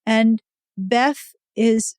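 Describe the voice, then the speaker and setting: A woman's voice: a little high, drawn-out words, a little mellow, no room sound, studio quality. A woman co-hosting a podcast, chatting casually as she recaps a romance novel and acts out the characters' lines with shifting voices. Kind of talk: casual chat.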